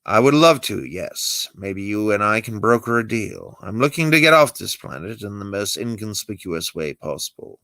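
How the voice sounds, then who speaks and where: Casting: man reading a wisecracking weary Jedi hermit, low gravelly voice, swinging pitch. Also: normal speed, few pauses, dry recording. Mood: wry. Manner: sardonic, lively delivery. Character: dry-witted exiled male Jedi master. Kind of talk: amateur script read-through.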